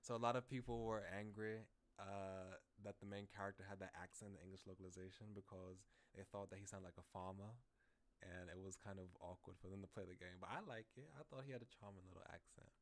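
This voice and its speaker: A man's voice: deep voice, fairly even intonation, quick pace. A man streaming a visual novel, chatting casually and rambling off on tangents between scenes. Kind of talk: casual game commentary.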